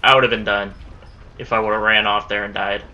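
A man's voice: lowish voice, little pitch movement, normal speed, pushed and bright, dull audio, a little hiss or hum. A man giving live gameplay commentary, exasperated and profane, talking back at enemies as he plays. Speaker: let's play gamer.

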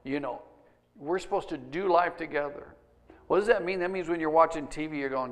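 Male pastor, slightly high voice, conversational sermon, swings from quiet to loud. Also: a little fast. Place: church sanctuary.

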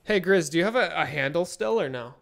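A young man streaming a game, chatting excitedly and playfully with friends and his viewers. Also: a little high, brisk, creaky. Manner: excitable, playful, talks to chat. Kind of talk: casual gaming chat.

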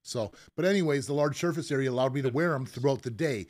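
A man's voice: mid-range voice, fast, a little mellow. A man hosting a podcast as a piercer, talking in an easygoing, rambling way with fillers and restarts, and he has the hiccups. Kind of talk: casual podcast chat.

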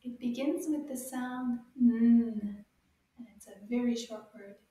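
A woman teaching children French words, encouraging them and repeating each word slowly with sound clues. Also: on the high side, fairly even intonation, dark tone, distant mic. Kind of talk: slow, drawn-out teaching for kids. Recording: very echoey room, a bit off-mic.

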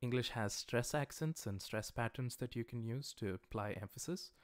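A man teaching a livestreamed language class, explaining grammar patiently and repeating example sentences slowly. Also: mid-range voice, no echo. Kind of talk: livestreamed lecture.

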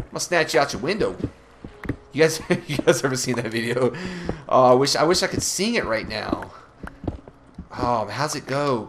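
A gaming channel host with a medium-pitched voice and vocal fry speaks at normal speed over a noisy background. The young man comments on his Let's Play animatedly, swearing and taunting the monsters.

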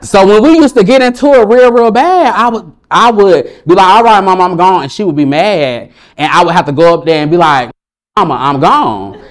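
A young motivational speaker from Alabama tells a personal story in a fairly high voice at a fairly quick pace. He's animated and playful, breaking calmer stretches with sudden high, excited bursts.

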